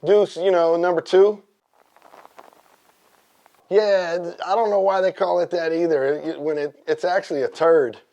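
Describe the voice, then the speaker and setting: A man guesting on a comedy talk show, telling rambling jokes in a deadpan, drawling way. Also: high voice, measured pace, gravelly, pauses often. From Northern California.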